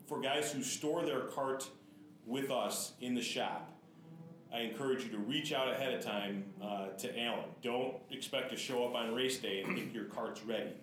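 A man speaking in a relaxed, casual chat, giving clear practical instructions. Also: mid-range voice, normal speed. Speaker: track staff guest. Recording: echoey room with noise.

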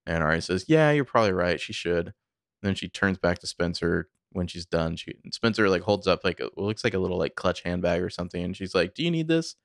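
A man with a very low, gravelly voice recaps a TV episode for a podcast. He narrates the scenes casually, full of fillers. The sound is dry and close. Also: dry recording. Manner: conversational, filler-heavy, animated storytelling. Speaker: podcast co-host.

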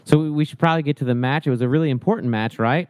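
A man co-hosting a podcast who asks short, brisk questions in casual chat. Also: fairly high pitch, darkish tone, dry recording.

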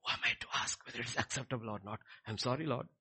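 A man preaching, acting out a remorseful king who drops to hushed whispers. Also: medium pitch, very fast, slightly rough. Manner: hushed, some whispered lines.

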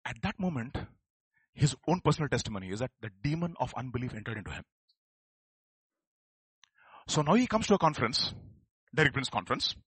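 Male preacher, bright, husky voice, very lively pitch, dry sound; builds to fervent shouting. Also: a little fast, long pauses, no echo. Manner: animated, rising to fervent shouts. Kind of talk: sermon.

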